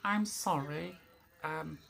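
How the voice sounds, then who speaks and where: A British man putting on the voice of a stiff, unhelpful talking smartwatch assistant with flat, formal, robotic phrasing, raised higher than his own. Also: slow, gravelly, full character voice.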